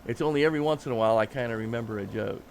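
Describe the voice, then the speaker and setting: Gravelly man chatting on a game stream. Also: mid-range voice, racing, slight background noise. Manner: rambling, with fillers and chuckles. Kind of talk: casual live-stream chat.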